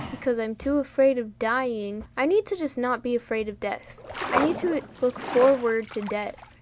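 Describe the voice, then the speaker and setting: A woman's voice: fairly high pitch, background noise. A young woman from New York casually chatting and joking while playing a video game, full of fillers, laughs and sudden startles. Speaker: gaming vlogger. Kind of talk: casual gameplay commentary.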